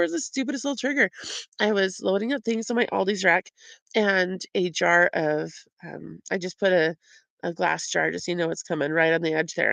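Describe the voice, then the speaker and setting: Earnest middle-aged woman with gravelly fry. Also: lowish voice, dry recording. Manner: earnest, openly emotional; heartfelt. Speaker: vlogger. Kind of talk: personal faith reflection.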